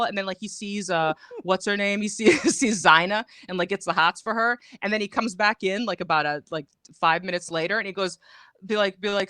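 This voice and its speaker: A man's voice: sits high, brisk, pushed and bright, no echo. A man hosting a live stream, rambling through casual comedic commentary with many fillers.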